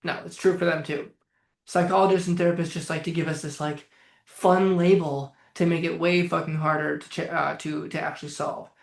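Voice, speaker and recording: A man's voice: on the high side, level tone, normal speed, gravelly. Blunt, swearing male coach in an echoey room. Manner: blunt, profane, emphatic. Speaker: anxiety coach. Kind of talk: live-streamed motivational talk.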